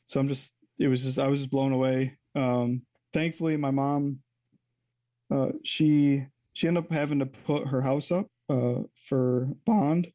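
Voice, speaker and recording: A man's voice: mid-range voice, steady tone, unhurried, dark tone, no echo. A man telling a personal story as an interview guest, candid and rambling, often correcting himself mid-sentence.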